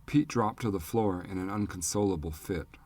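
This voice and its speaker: A man narrating an audiobook in a measured, even storytelling manner on a close studio mic. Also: low voice. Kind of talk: scripted narration.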